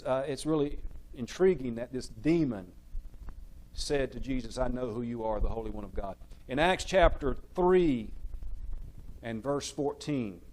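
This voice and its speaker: A man's voice: a little high, darkish tone, low-quality recording. A man preaching a sermon in a church, stressing key words one by one and asking the audience questions, then answering them himself.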